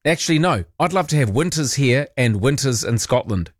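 A man's voice: medium pitch, expressive, a little fast, dry recording, clean studio sound. A man hosting late-night talkback radio, chatty and opinionated, with sarcastic asides. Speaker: radio talk show host. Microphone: close studio mic.

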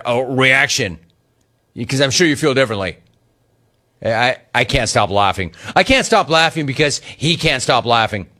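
This sports talk show host pokes fun at rival fans, laughing as he reads out chat messages on air. He speaks with a high-leaning voice that sounds pushed and bright.

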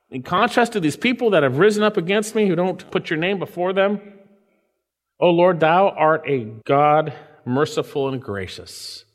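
A male pastor gives an earnest expository sermon. He reads scripture aloud and explains it, often lifting his voice for emphasis and then sinking back down. His mid-pitched voice carries a long reverb, as if heard in a large church sanctuary. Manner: earnest, swells up for emphasis then drops low.

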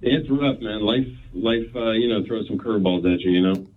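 A man's voice: lowish voice, normal speed. Hesitant male caller on a tinny phone line. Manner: hesitant, full of fillers and restarts, chuckling. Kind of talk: phoned-in conversation.

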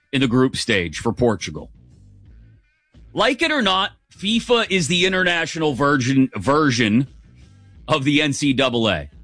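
An American man hosting a sports radio show, giving a sarcastic, opinionated monologue. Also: dry recording. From United States. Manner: sarcastic, animated, shifts pitch for emphasis.

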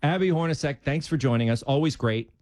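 A man's voice: a little high, a little fast, darkish tone, no echo, studio quality. A man hosting a casual interview, rambling and searching for words as he talks sports. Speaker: host. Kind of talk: casual chat.

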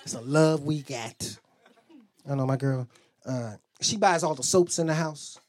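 A man's voice: medium pitch, measured pace. A man doing a stand-up comedy set on a club stage, telling profane stories and acting out the voices of the people in them. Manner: loose, profane storytelling with acted-out voices.

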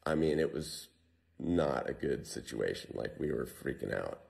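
Speaking to an interviewer, a man with a very deep, low voice recounts how he survived, loosely and conversationally with many fillers and restarts. His tone is darkish with vocal fry, his intonation lively, and his pace measured.

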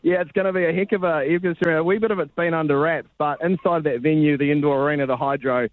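A man's voice: on the high side, steady tone, very fast, no room sound, narrow, tinny audio. A man, a sports reporter chatting casually on radio in a laid-back, rambling way. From New Zealand.

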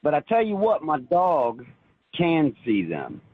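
Man caller, earnest, halting, husky voice, tinny phone line. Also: a little high, wildly swooping pitch, dry recording. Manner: earnest, halting, with many restarts. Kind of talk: telling a personal story.

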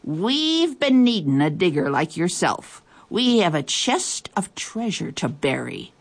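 A woman's voice: lowish voice, sing-song, a little slow, heavily acted. A woman reading a storybook aloud and voicing a blustery male pirate captain who bellows in pirate talk. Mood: booming.

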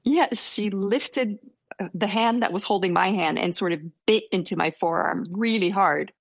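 Young woman guest, gravelly lower voice, close dry sound; hesitant, self-deprecating storyteller. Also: unhurried, no room sound. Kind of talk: casual storytelling interview.

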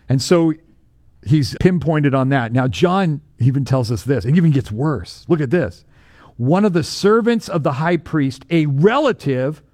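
Animated man preaching a sermon. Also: fairly high pitch, no echo, clean studio sound. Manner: animated storytelling with rhetorical questions.

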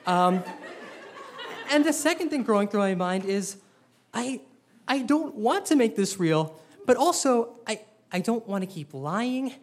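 A man's voice: sits high, measured pace, pauses often, a little hiss or hum. Wry young man telling a story live. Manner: self-deprecating, wry, animated. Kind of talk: live personal storytelling to an audience.

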